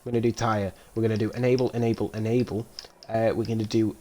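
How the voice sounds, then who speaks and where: A man with a fairly low-pitched voice commentates a sim racing league race live on a stream, talking fast over background noise. His banter is casual, rambling, and self-mocking, turning loud and excited during incidents.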